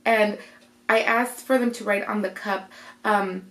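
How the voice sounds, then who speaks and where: A young woman chats through a personal story for her vlog. Her voice has a gravelly fry, and she slips into quoted voices. The sound carries a roomy echo. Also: mid-range voice, unhurried. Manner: animated retelling that jumps into quoted voices. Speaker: vlogger. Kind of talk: casual storytime.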